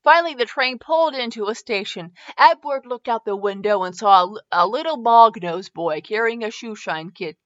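A woman's voice: fairly high pitch, moderate pace, hardly any pauses, a bit bright, dry recording. A woman reading a comic fanfiction aloud, giggling and stumbling over words, on a slightly dull recording. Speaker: fanfiction reader.

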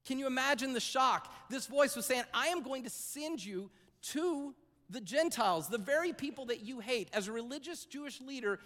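Male pastor, high voice, conversational sermon, long church-hall reverb. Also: expressive, normal speed, pushed and bright. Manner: conversational preaching with asides and repetitions. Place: church sanctuary.

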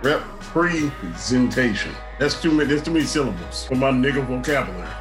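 A man trading laid-back, joking banter on a podcast. His pitch is mid-range and his talk is relaxed and easy. Music plays clearly in the background. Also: very fast. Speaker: podcast co-host.

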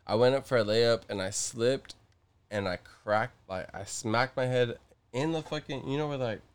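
A man's voice: mid-range voice, normal speed, clean tone. A young man in a casual chat, talking in slang with lots of swearing and stammered restarts.

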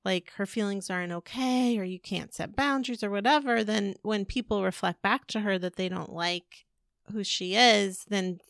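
A woman's voice: medium pitch, moderate pace, gravelly, a bit bright, no echo, clean studio sound. A woman in her forties co-hosting a podcast, chatting casually and rambling with lots of fillers and restarts. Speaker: podcast co-host. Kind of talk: casual chat.

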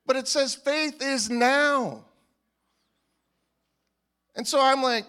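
A male pastor preaching a sermon in a casual, animated way, often restarting his sentences. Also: extremely high pitch, slow pace, long pauses, clean tone. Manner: animated and informal, with frequent restarts. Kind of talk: conversational sermon.

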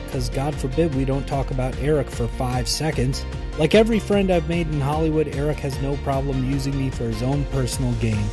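A male comedian reads a comedic promo in a dry, sarcastic roasting manner. Loud music plays under his voice. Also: medium pitch. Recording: spoken over loud music.

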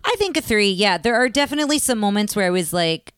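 A woman's voice: mid-range voice, lively intonation, fast, fairly bright tone, smooth, dry recording, studio quality. Chatty female podcast co-host. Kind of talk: casual podcast chat.

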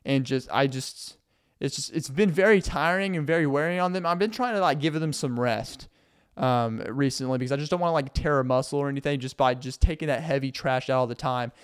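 A man's voice: medium pitch, brisk, smooth. A young man from Arkansas in a casual, rambling vlog monologue, sarcastic and full of fillers. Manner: rambling, sarcastic, acts out mock voices of passive aggressive people. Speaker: vlogger.

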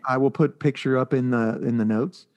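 A man co-hosting a casual podcast, talking at an ordinary pitch for a man. He rambles through stories and leans on plenty of fillers as he goes. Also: fairly even intonation, fairly quick, a little mellow, muffled recording. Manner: rambling, filler-heavy storytelling. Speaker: podcast co-host reviewing comics. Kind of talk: casual chat.

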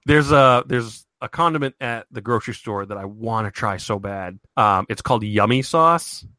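A man's voice: fairly low pitch, animated, normal speed, pushed and bright, no echo. A man co-hosting a podcast in casual, rambling chat, full of fillers and restarts. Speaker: podcast co-host.

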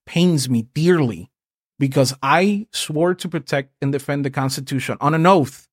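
A man's voice: fairly high pitch, moderate pace, slightly rough, no room sound, studio quality. An American man co-hosting a political podcast, ranting heatedly and swearing often. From United States. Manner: ranting and profane, voice rising when angry. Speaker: podcast co-host.

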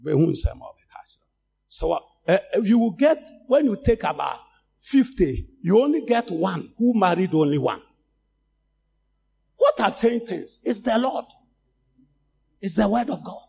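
A male preacher with a Ghanaian accent delivering a sermon, a Twi speaker who swings from calm talk to loud shouted exhortation. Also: high voice, measured pace, gravelly, long pauses, slight background noise. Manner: switches between English and Twi, rising to shouts.

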